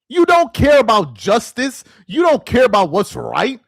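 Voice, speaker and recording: A man's voice: very high-pitched, very animated, normal speed, few pauses, no echo. A man hosting a sports commentary channel, ranting to camera in an exasperated voice and hammering the same phrases over and over. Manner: exasperated, repeats phrases for emphasis.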